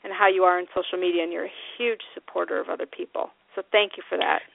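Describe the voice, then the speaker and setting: A woman's voice: lowish voice, steady tone, fast, gravelly, dry recording. A bubbly Midwestern woman hosts a casual chat over a tinny phone line, her voice sounding dry and close. She laughs easily, trails off and restarts her thoughts as she goes. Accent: Midwestern American. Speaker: host.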